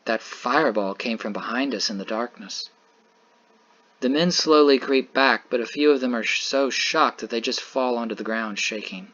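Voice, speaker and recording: A man's voice: on the low side, a bit bright, dull audio. A man narrating a dramatic visual novel in the first person, earnest and tense.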